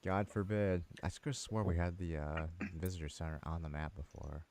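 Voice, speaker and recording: While gaming on a home stream, a man from the United States tells a story in a relaxed, chatty way, laughing between lines. His voice is low and level, a little fast, with a crowd audible in the background.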